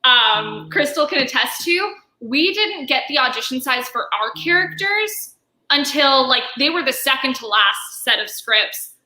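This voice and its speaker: Woman, Canadian accent, high bright voice, animated storytelling, echoey room. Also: a little slow. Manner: animated storyteller acting out quoted dialogue. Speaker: voice actress guest. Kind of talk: casual interview chat.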